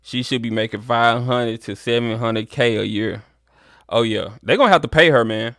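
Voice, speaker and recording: A man's voice: medium pitch, moderate pace, no echo, clean studio sound. A man hosting a live sports stream, chatting casually with viewers and callers. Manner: relaxed, talks to viewers as y'all.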